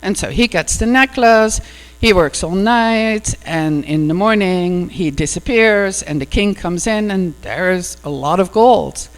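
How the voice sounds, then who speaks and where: A woman's voice: on the low side, measured pace. A woman minister giving a sermon and retelling a fairy tale in a conversational storytelling way, full of "you know" asides. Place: church hall. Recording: echoey hall with mains hum.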